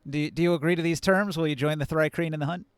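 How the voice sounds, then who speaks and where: Smooth-voiced male game master. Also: a little high, fairly even intonation, fast, dry recording. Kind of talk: narrating a tabletop game.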